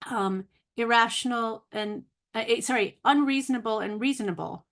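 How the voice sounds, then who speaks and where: A woman's voice: a little high, moderate pace, hardly any pauses, fairly bright tone. Woman teaching vocabulary, thinking aloud. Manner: thinking aloud, self-correcting, laughs at own slips; careful, spelled-out pronunciation of long words. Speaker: language teacher. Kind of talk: casual video lesson.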